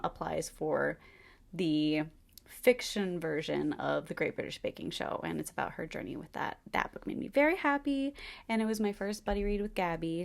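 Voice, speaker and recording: A woman's voice: on the low side, creaky, a little mellow. Gushing woman chatting about books. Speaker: book reviewer. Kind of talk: casual book chat to camera.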